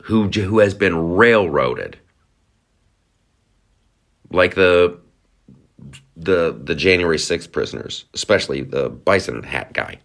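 Man, podcast host, lively swinging delivery, mocking rant, profane. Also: low-pitched, slow, creaky, long pauses. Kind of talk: ranting comedic commentary.

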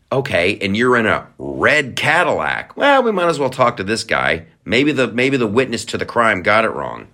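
A man's voice: fairly low pitch, very animated, moderate pace, hardly any pauses, bright, forceful tone. A man hosting a podcast, ranting in a mocking, profane comedic commentary. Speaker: podcast host.

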